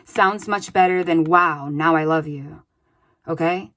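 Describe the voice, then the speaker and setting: A woman's voice: low voice, measured pace, a bit bright. Chatty woman doing a tarot reading. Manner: chatty, with many "like" and "okay?" tags. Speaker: tarot reader. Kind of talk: casual spoken tarot reading.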